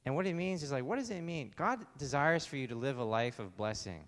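A pastor preaching a conversational sermon, asking the congregation rhetorical questions. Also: male voice, mid-range voice, lively intonation, a little fast, fairly bright tone, long reverb tail.

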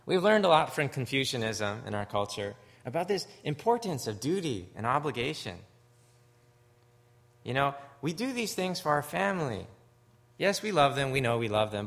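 A man from Canada preaching a sermon, earnest and story-driven, swinging from hushed, low moments to loud, emphatic ones. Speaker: pastor.

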